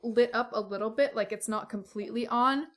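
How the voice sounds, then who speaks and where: A woman's voice: on the high side, a little fast, fairly bright tone. A woman narrating a tabletop game as game master, patiently explaining rules with many restarts.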